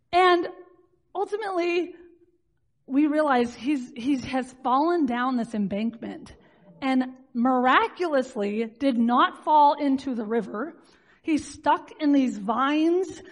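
High-voiced, animated woman storyteller. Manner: animated, chatty, frequent "like" fillers, laughs at herself. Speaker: speaker addressing a live audience. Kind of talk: personal storytelling talk.

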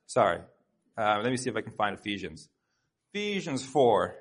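A man with a husky, slightly breathy voice delivers a sermon in a church sanctuary. He preaches in an earnest, conversational way and turns aside now and then to talk straight to the congregation. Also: lowish voice, very animated, normal speed. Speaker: pastor.

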